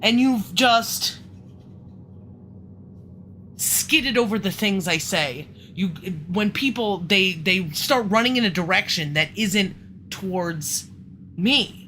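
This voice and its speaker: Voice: mid-range voice, lively intonation, takes it slowly, long pauses, pushed and bright, a little hiss or hum. A livestream host in casual conversation, frustrated and swearing a lot, breaking off and restarting sentences. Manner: frustrated, profane and swearing often.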